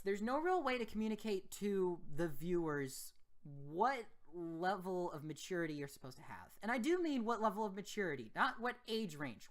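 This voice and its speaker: A man's voice: high voice, fairly bright tone. Man, gaming youtuber, casual vlog talk, rambling, self-correcting. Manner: rambling, restarts sentences often.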